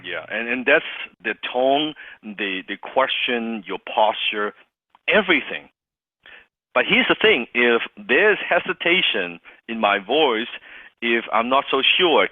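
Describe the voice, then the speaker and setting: Animated sales coach on a phone-quality call. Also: male voice, mid-range voice, a little slow, no echo. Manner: animated, acts out sighs and dialogue. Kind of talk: coaching call with role-play examples.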